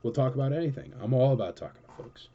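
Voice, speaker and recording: A man chats casually as a show host, working through viewer questions in a rambling, enthusiastic way. His voice is mellow and relaxed. The recording sounds slightly dull and lo-fi. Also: mid-range voice, fast. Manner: rambling and enthusiastic, with many fillers. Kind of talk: casual chatty Q&A.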